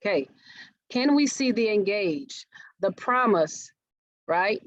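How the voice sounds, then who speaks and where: A woman's voice: mid-range voice, expressive, slow pace, dry recording. A woman, presenting a marketing workshop and often checking in with her audience. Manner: engaging, asks audience questions often. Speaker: marketing speaker. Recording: dull, dry webinar audio.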